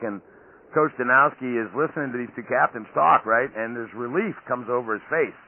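Over tinny phone-line audio carrying faint noise, a male podcast host rambles through an interview full of fillers and restarts. His medium-pitched voice is creaky and fairly quick.

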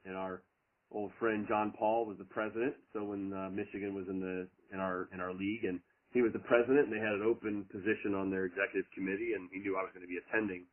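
A man's voice: low voice, flat delivery, quick pace. A middle-aged man, a college lacrosse head coach, answering interview questions earnestly and at length with many fillers. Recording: tinny phone line.

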